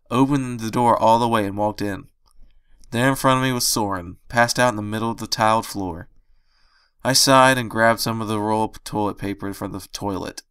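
A man reads a fan story aloud in steady first-person narration. His voice sits low and comes through smooth and clear. The recording is dry and close, with no room sound. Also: no room sound. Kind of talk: reading fan fiction aloud.

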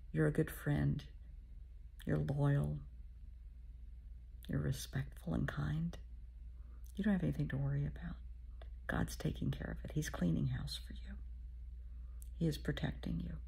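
A middle-aged woman therapist giving a motivational talk, speaking softly and often half-whispering, calling the listener honey. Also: deep voice, steady tone, measured pace, creaky, long pauses, slightly rough.

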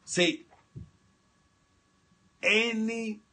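A man preaching on a prayer line, swinging from soft murmurs to shouted commands and speaking in tongues. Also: sits high, fairly even intonation, very slow. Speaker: pastor. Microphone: phone line broadcast.

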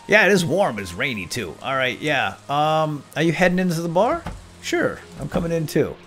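A man giving casual, excitable commentary while playing a video game, and calling out to the characters as if they could hear him. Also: mid-range voice, brisk, soft background music. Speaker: let's play gamer.

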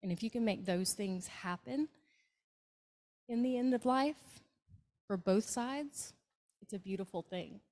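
A woman's voice: mid-range voice, a little slow, pauses often. A woman with a Southern US accent, a hospice nurse telling stories to a club meeting and acting out the people in them. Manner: warm anecdotal storytelling with acted quotes. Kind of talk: storytelling talk to a club. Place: meeting room, hybrid meeting.

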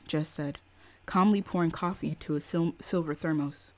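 A woman's voice: low voice, fairly even intonation, normal speed, a little mellow. Casual woman reading a novel aloud. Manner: casual, slangy asides to chat between passages. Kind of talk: live-stream book reading.

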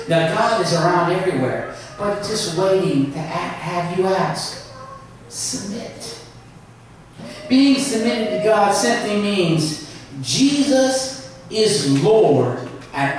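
A man's voice: high-pitched, a little hiss or hum. Man preaching in an echoey hall. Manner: emphatic preaching with slow drawn-out phrases. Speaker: pastor. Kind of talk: sermon. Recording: echoey hall, mic far off.

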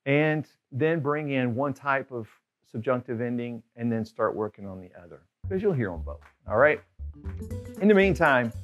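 Upbeat man teaching a Spanish lesson. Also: medium pitch. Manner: upbeat, slows down and stresses the example phrases. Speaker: Spanish language tutor.

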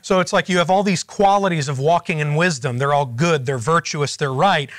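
Guy running a bible study class, talks it through casually, slightly higher voice. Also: brisk, fairly bright tone, no echo. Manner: conversational, explaining and prompting questions.

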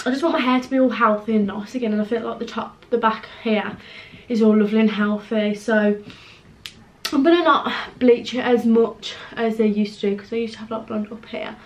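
A young woman vlogs casually to camera from indoors at home, her fairly high voice captured with the highs cut off. She sounds out of breath, chatting and rambling, sometimes dropping almost to a whisper.

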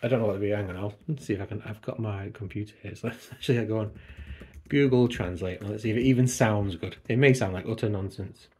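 Speaking quickly in a lowish, husky, slightly mellow voice, a book vlogger chats casually from home by his computer. He's talkative, digresses freely and pokes fun at himself.

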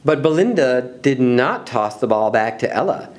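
A man reading a children's picture book aloud in an expressive, animated way. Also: mid-range voice, moderate pace. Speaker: storybook reader.

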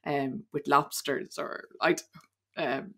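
Irish woman with a low, gravelly voice. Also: level tone, slow pace, sharp tone. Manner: rambling storyteller, laughs often. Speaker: podcast guest. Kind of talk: casual chat.

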